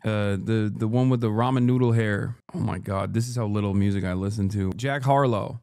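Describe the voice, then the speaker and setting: A man's voice: fairly low pitch, fairly even intonation, brisk, a little mellow, clear, resonant tone, no echo. Brief: male streamer, loose profane commentary, fillers everywhere, dead-dry sound. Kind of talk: casual reaction commentary.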